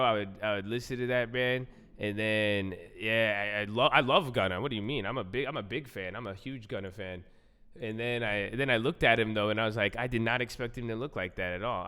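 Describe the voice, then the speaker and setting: A man with a low, smooth, resonant voice, chatting loosely on a livestream. His talk rambles and circles back on itself, full of "bro" and "man". The sound carries a long reverb tail. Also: a little fast, pushed and bright. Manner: loose, rambling, repeats himself, says "bro" and "man" a lot. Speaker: livestream host. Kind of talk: casual livestream chat.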